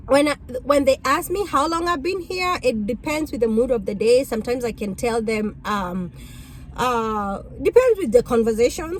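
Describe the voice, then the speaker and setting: A woman's voice: a little hiss or hum, low-quality recording. A woman in her thirties from Kenya with a Kenyan accent, chatting casually to camera about her work as a rideshare driver. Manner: chatty, acts out passengers' questions in a higher voice.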